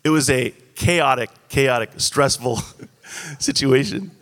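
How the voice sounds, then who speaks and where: Speaking slowly at a medium pitch with a fairly bright tone, a man in his thirties delivers a sermon in an echoey hall. This pastor tells stories conversationally, casual and self-deprecating.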